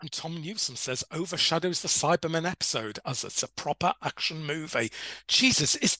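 A man's voice: fairly high pitch, lively intonation, moderate pace, sharp tone, dry recording. A man co-hosting a podcast, reading listener reviews aloud with dry, teasing remarks. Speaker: podcast co-host.

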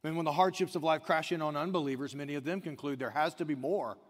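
A man with a fairly high voice preaches a sermon, his words trailing off in the long reverb of a large hall. He drops to quiet asides, then climbs to near-shouted emphasis. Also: quick pace. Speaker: pastor.

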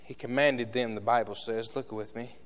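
A man preaching a sermon in a church with passion, shifting between loud shouts and hushed asides to the congregation. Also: medium pitch, fairly even intonation, moderate pace.

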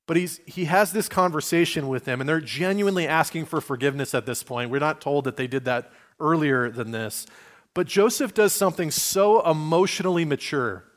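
A male pastor giving a sermon in a conversational, lively way, acting out the voices he quotes and restarting phrases as he goes. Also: on the high side, normal speed.

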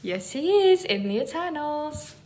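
A young woman co-hosting a podcast, chatting casually and gushing about films and shows with quick asides. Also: high-pitched, sing-song, a little mellow. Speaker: podcast co-host. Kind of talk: casual chat.

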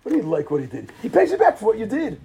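A man teaching an animated Torah lecture, emphatic, full of rhetorical questions and repetition, swinging between soft asides and near shouts. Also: high voice, racing, gravelly, a little hiss or hum.

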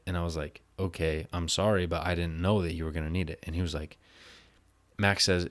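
A man telling a work story in a casual, exasperated rant, swearing freely and getting louder as he vents. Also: low-pitched, fast talker. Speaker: vlogger.

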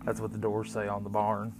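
Profane, rambling West Virginia man. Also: lowish voice. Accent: West Virginia Appalachian. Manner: profane, crude joking, rambling stories. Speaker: vlogger. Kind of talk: casual rambling monologue. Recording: guitar music playing behind.

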